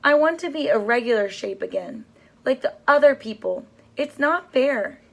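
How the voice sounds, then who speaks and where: Brief: woman voicing a young boy hero in a read-aloud storybook, earnest, slow. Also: high voice, animated, vocal fry, pitched above the performer's own voice, full character voice. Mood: upset. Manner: slow, pleading lines; shouts for help.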